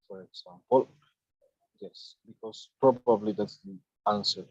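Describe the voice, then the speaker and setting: Husky man teaching English. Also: lowish voice, big pitch swings, no echo. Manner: explaining step by step, with halting restarts. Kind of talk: online grammar lesson. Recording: dull lo-fi dry sound.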